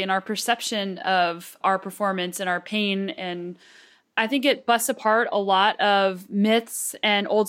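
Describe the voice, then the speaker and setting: A woman's voice: mid-range voice, a bit bright. An American woman hosting an interview, chatting in an upbeat, enthusiastic way. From United States. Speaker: podcast host. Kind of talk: casual interview chat.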